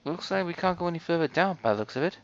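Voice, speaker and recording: A man's voice: fairly high pitch, lively intonation, rapid-fire. A man hosting a let's play, giving casual gameplay commentary and muttering to himself as he explores. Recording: dull lo-fi recording.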